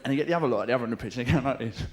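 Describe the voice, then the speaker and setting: A man with a London accent doing a live stand-up routine in a theatre, cheeky and full of swearing, often shouting out mimicked voices. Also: medium pitch, racing. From England. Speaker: stand-up comedian. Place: large theatre stage with audience. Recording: theatre show taped with audience noise.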